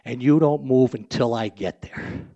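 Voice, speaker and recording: A man's voice: mid-range voice, measured pace, gravelly, highs cut off, voice pushed down. A man voicing a furious police officer who barks orders at a driver. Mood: stern. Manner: shouting commands.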